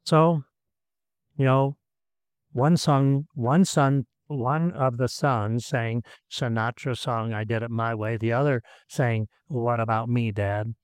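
Male pastor, sermon delivery, earnest with repetitions, mid pitch, dry close recording. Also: steady tone, slow pace, clean tone, dry recording. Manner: earnest, repeats words, swings between emphatic and soft.

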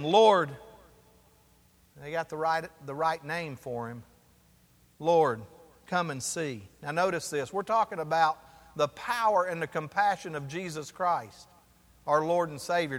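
Man pastor, high bright voice, preaching sermon with call-and-response, church hall reverb. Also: moderate pace.

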